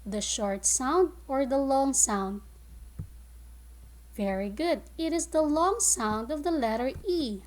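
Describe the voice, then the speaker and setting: A woman teaching a phonics lesson to young children, modeling words clearly and slowly and giving praise. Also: sits high, animated, darkish tone. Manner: slow, clear, drawn-out word modeling with praise. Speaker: kindergarten teacher.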